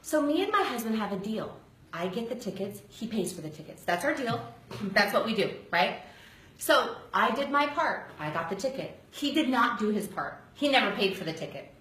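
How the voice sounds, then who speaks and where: A woman giving a storytelling speech to a live audience, animated and laughing, acting out the voices she quotes. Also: on the high side, normal speed. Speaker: speaker at a sales event. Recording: roomy hall with faint noise.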